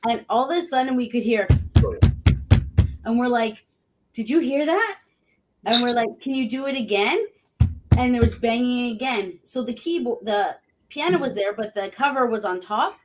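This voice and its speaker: Brief: higher-voiced upbeat woman guest, faint noise behind. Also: moderate pace. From Canada. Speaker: paranormal investigator, guest. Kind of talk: casual storytelling.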